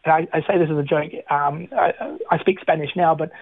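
A man's voice: a little high, steady tone, fairly quick, no room sound. A man, a radio interview guest telling his faith testimony in an earnest, storytelling way, often restarting his sentences and chuckling. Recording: tinny phone line, dry.

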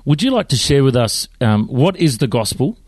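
An Australian man interviewing a guest with easygoing, chatty questions. His voice sits at a middle pitch. The recording is dry and close, with no echo. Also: big pitch swings, normal speed, darkish tone. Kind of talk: casual interview chat.

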